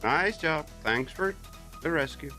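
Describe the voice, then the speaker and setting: Male streamer host, casual gaming chatter, animated pitch, quick outbursts, clear music behind. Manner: quick reactive exclamations.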